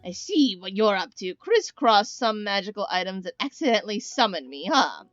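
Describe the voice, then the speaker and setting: A woman voicing a lonely, chatty male spork monster in a slow, sinister, clown-like drawl. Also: medium pitch, sing-song, a bit bright, dry recording, lo-fi sound, soft background music. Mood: creepy chatty.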